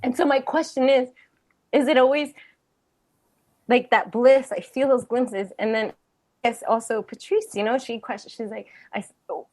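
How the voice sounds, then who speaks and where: A woman on a video call with a retreat group, sharing a personal story and a question, animated and laughing at times, then dropping to a hush. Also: fairly high pitch, moderate pace, pauses often. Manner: animated storytelling with laughter and sudden hushed moments.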